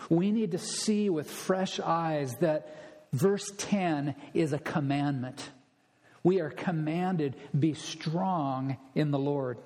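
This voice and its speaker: A man's voice: fairly high pitch, slow, darkish tone, in a large hall. A man preaching an expository sermon as a pastor, emphatic and stressing his points through repetition.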